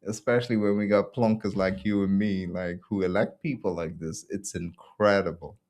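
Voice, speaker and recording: A fairly low-pitched man hosts his own show and talks through it in a loose, sarcastic rant. He mocks what he criticises, breaks into laughter again and again, and keeps a casual, off-the-cuff tone. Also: fairly even intonation, moderate pace, a little mellow. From Belgium. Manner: ranting, sarcastic, laughs often. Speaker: podcast host. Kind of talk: casual opinion commentary.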